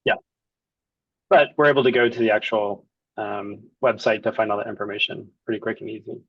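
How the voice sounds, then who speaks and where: A man's voice: on the low side, fairly quick, husky, no room sound, highs cut off. Man casually walking through a demo. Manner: relaxed, thinks aloud while clicking through. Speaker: client. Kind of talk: casual software demo walkthrough.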